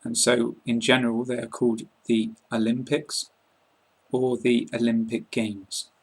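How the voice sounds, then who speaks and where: A British man with a slightly husky voice, calmly explaining things in an online English lesson. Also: mid-range voice, a little slow, poor audio. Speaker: English accent teacher.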